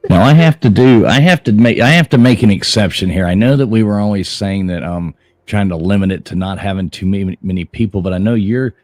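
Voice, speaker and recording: A man with a fairly low voice hosting a live call-in show. He restarts and trips over his words as he talks, heard dry and close. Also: brisk, darkish tone, no room sound. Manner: hesitant, stumbling. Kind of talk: casual chat.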